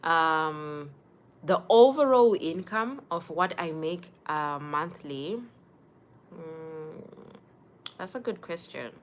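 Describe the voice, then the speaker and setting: A young woman, hosting a casual livestream and chatting warmly with viewers by name. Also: deep voice, slow pace, a little hiss or hum. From Zimbabwe. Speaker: livestream host.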